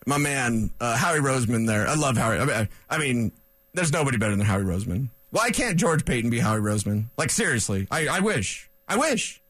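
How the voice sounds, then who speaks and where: A man's voice: mid-range voice, quick pace, husky, no echo. A man hosting a sports talk radio show in a studio, ranting and cracking jokes with rambling asides. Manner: animated, wisecracking, rambling asides.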